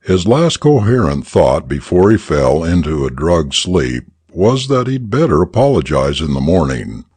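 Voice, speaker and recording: Man, story narration, husky voice, lively intonation, dry close sound. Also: low-pitched, no room sound. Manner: expressive, deliberate reading. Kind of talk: audiobook story reading for English learners.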